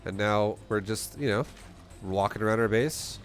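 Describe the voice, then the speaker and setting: Profane, animated male game streamer. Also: lowish voice, normal speed, soft background music. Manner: animated, profane, rhetorical questions. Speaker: streamer coaching a strategy game. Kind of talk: live-stream commentary.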